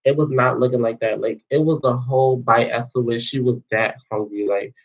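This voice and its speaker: A man's voice: medium pitch, steady tone, normal speed, muffled recording. A young man telling a story to his viewers in a casual, slangy way, with lots of fillers and swearing. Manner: chatty, slangy, profane, many fillers. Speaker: vlogger.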